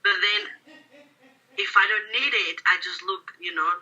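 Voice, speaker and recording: Woman, interpreter, candid, reflective, very bright tone, far from the mic, muffled lo-fi sound. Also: mid-range voice, moderate pace. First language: Spanish. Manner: candid, reflective, quotes herself aloud. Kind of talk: interview answers. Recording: distant, dull lo-fi recording.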